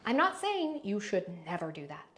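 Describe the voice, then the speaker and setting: Her pitch swings hugely and her tone is fairly bright as this voice coach, a woman speaking at a moderate pace, teaches live online. She acts out speaking habits in exaggerated form, varying pitch and volume.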